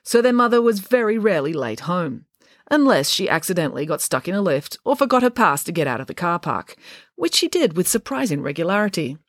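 Expressive woman reading a children's story. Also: on the low side, a little fast, dry recording, studio quality. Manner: wry, expressive. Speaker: narrator.

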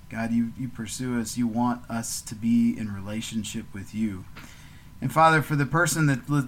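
Man, average pitch, earnest podcast co-host, halting prayer with repeated words. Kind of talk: casual chat and spoken prayer.

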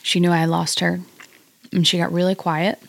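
A middle-aged woman talks as a podcast guest, her voice low with a gravelly edge. She speaks reflectively and haltingly, restarting her sentences often. The sound is dry and close. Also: flat delivery, dry recording. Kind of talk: personal conversation about grief.

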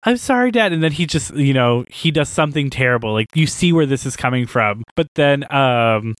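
A man thinks out loud while brainstorming a story, rambling and animated. His voice sits in an ordinary middle range. The recording is dry and close, with no room sound. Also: medium pitch, moderate pace, dry recording. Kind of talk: casual creative brainstorming.

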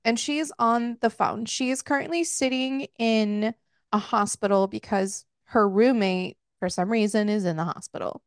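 A woman's voice: mid-range voice, normal speed, clean tone, dry recording, clean studio sound. A woman co-hosting a podcast, casually recapping a book in a chatty way, swearing freely and laughing as she goes. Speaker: podcast co-host. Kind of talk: casual book review chat.

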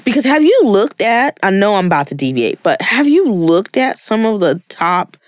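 A woman co-hosting a podcast, reacting quickly and chatting in a lively, casual way. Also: medium pitch, no echo, clean studio sound. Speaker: podcast co-host. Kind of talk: casual chat.

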